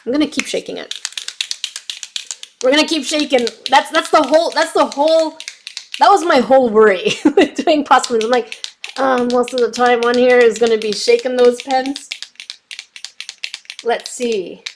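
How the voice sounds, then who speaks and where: This craft YouTuber, a young adult woman, reads viewer comments during a relaxed livestream as she tries out markers, coughing slightly because of bronchitis. Her high-sitting voice moves at normal speed with long pauses, over a little hiss or hum.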